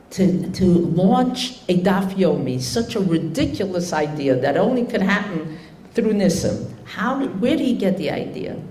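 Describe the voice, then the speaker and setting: A woman's voice: low voice, dark tone, slight background noise. An older woman giving a religious talk to an audience, telling a story unhurriedly with many fillers and restarts. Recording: echoey room.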